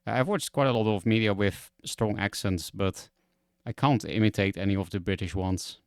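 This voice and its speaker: A man's voice: on the low side, moderate pace, darkish tone, dry recording, clean studio sound. A man whose first language is Dutch, chatting frankly and rambling on a game stream. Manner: frank, rambling, restarts often. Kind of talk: casual stream chat.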